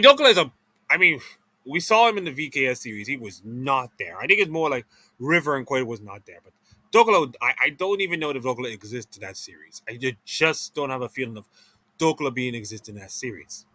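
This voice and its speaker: Sluggish and slow after a meal, this esports video creator rambles through a player ranking, constantly restarting and correcting himself in a casual way. He speaks in a mid-range voice with a sharp edge.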